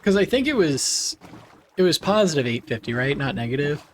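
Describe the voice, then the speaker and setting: A man's voice: fairly high pitch, sing-song, brisk, a little hiss or hum. A man chatting casually with his viewers on a live game stream, laughing often.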